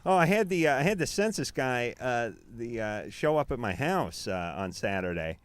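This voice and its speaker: A man's voice: medium pitch, very animated, normal speed, clear, resonant tone. A man co-hosting a late-night call-in radio show, telling stories in a rambling, joking way with lots of fillers.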